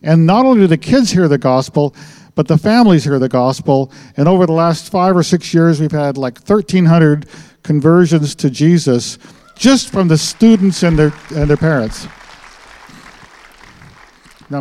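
A man's voice: on the high side, lively intonation, moderate pace, warm tone. A man, a missionary doctor, presenting slides in an earnest, explaining way.

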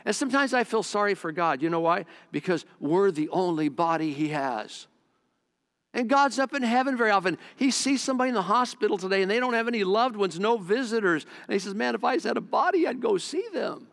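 A middle-aged male pastor delivers a heartfelt sermon in a slightly high voice. He talks in an earnest, conversational way, repeating points and shifting between quick and slow phrasing. His voice rings out with a long hall reverb. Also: lively intonation, a bit bright. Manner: earnest, repetitive, conversational preaching with shifting pace.

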